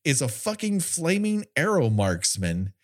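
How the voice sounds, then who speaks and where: A man's voice: on the high side, wildly swooping pitch, a little slow. A man hosting a podcast, sarcastically retelling an episode with profane asides. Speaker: podcast host. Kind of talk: casual podcast recap chat.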